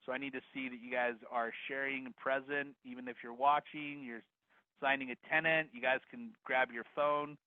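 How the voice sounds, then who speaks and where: A man teaching a live online real estate course, energetic and upbeat, talking straight to the attendees. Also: mid-range voice, normal speed, no echo. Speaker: real estate investing instructor. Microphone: video call. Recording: dry phone-like video call audio.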